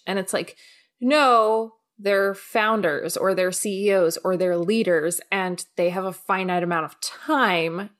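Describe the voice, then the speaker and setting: Young female podcast host, casual and chatty, quick outbursts. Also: mid-range voice.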